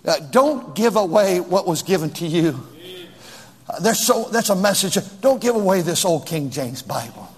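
A man preaching a sermon in a church, rising suddenly and drawing some phrases out slowly. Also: high voice, expressive, big-room sound. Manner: preaching with sudden rises and drawn-out slow phrases.

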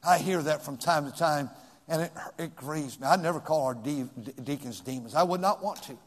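A male pastor preaching a sermon in a church, swinging from shouts to hushed whispers. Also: a little high, moderate pace, in a large hall.

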